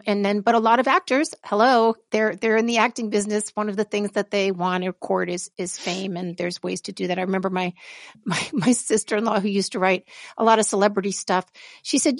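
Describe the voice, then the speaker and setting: A woman's voice: mid-range voice, no room sound, clean studio sound. A woman co-hosting a podcast, chatting casually, rambling, trailing off mid-thought and laughing often. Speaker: podcast co-host. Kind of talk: casual chat.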